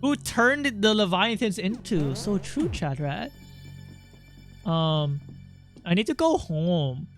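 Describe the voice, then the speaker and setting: A young man streaming a video game, chatting casually, swearing, getting excited and reading the game's text aloud. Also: high-pitched, takes it slowly, pauses often, soft background music. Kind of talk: casual gameplay commentary.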